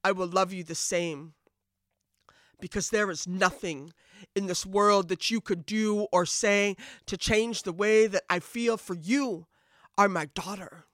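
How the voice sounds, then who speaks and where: A woman voicing God in a spoken-word poem, gentle and reassuring toward a hurting daughter. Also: medium pitch, measured pace, dry recording, clean studio sound, lightly acted. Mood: tender. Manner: gentle, reassuring, steady recitation. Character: tender patient loving God speaking to a daughter.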